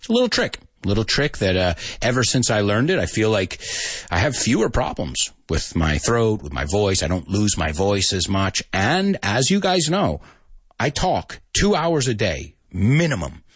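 Animated, husky-voiced male teacher. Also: lowish voice, normal speed, no echo, clean studio sound. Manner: animated, explains with demonstrations. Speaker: host and English teacher. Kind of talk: teaching podcast talk.

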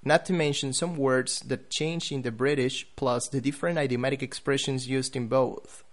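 A man giving a podcast lesson on English pronunciation, saying example words slowly and with care. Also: medium pitch, steady tone. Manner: careful, deliberate, spelling out example words.

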